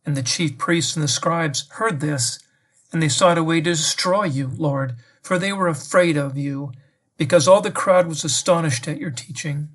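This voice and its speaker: Man, slightly higher voice, prayerful meditation, reflective, questioning, speaks to the Lord. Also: moderate pace, a bit bright. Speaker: priest giving a meditation.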